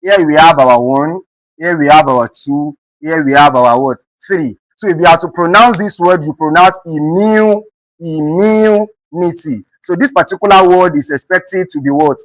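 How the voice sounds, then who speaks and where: A man's voice: fairly high pitch, moderate pace, fairly bright tone, no room sound, rough recording. A man with a Nigerian accent teaching an exam-prep English lesson, often checking in with rhetorical questions and repeating words for emphasis.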